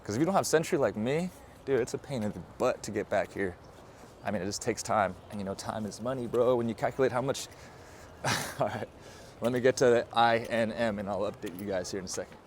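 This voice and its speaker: A man from the United States talking casually to his vlog camera outdoors at a border crossing, slangy and relaxed, with lots of "bro" and "dude". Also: fairly low pitch, brisk, slight background noise. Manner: slangy and laid-back, peppered with bro and dude. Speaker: vlogger. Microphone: handheld microphone.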